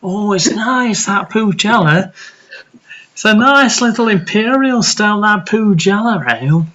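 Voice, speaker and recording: A man voicing a boastful Mancunian man who asks around for beer, loud and drawling, with a Mancunian accent. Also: sits high, animated, measured pace, highs cut off, voice pushed up, exaggerated voice.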